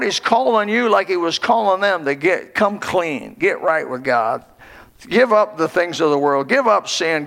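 A man's voice: a little high, creaky, a bit bright, long reverb tail. A man preaching a sermon in a church, with impassioned, rising and falling emphasis. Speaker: pastor. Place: church sanctuary.

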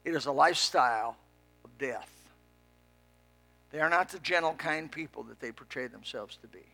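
Man, pastor, sermon in a church, forceful bright voice, rises to shouts. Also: a little high, moderate pace, gravelly, faint music behind. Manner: fiery preaching, swings from hushed to shouting. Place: church sanctuary with a congregation.

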